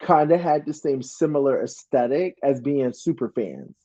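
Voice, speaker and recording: A man chatting over a video call, telling stories in an animated way and cursing freely. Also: medium pitch, moderate pace, low-quality recording. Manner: animated storyteller, curses freely. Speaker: former reality show contestant. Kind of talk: casual video call chat.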